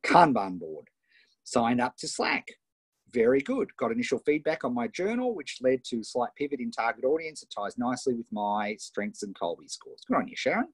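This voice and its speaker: Australian male coach, middle-aged, lively and encouraging, slightly husky, dry tablet-mic sound. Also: medium pitch, moderate pace, no room sound. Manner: energetic, tag questions, reads out students' wins. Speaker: online business coach. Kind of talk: live webinar coaching. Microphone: iPad Pro built-in mic.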